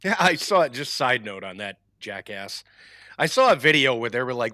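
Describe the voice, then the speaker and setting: An animated man with a bright, edgy voice that leaps around in pitch. He trades scornful, sweary remarks in casual talk. The mic is close and dry. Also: normal speed, no room sound. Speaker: podcast co-host. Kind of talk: casual banter.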